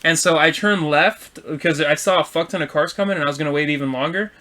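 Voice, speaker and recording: Profane, animated man telling stories. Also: on the high side, quick pace. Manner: profane, animated storytelling, shouts quoted insults. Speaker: podcast co-host. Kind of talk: casual storytelling chat.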